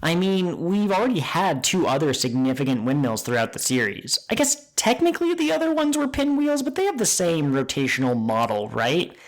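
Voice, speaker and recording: A man co-hosting a podcast, retelling scenes with excited, animated energy in casual chat. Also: fairly high pitch, normal speed, hardly any pauses. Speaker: podcast co-host.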